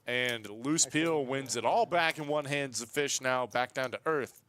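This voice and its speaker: A man's voice: medium pitch, measured pace, a bit bright. Man calling a live poker game. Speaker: poker commentator. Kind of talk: live play-by-play commentary.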